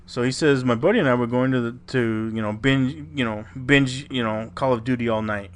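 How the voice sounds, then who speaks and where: A man's voice: medium pitch, steady tone, fairly quick. A male podcast co-host telling a listener's story in a loose, rambling way. He swears freely and restarts his sentences as he goes. A faint hum sits in the background. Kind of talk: casual storytelling chat.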